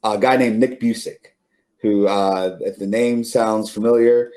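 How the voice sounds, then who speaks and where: Man, middle-aged, low voice, casual storytelling, rambling, fillers and restarts, laughs while telling. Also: fairly even intonation, a little slow, mellow. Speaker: interview guest.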